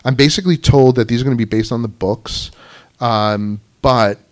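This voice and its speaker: A man's voice: mid-range voice, normal speed. A man as guest speaker at a writers club, telling anecdotes in a casual, chatty way full of "you know". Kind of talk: casual storytelling talk to an audience. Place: club meeting room.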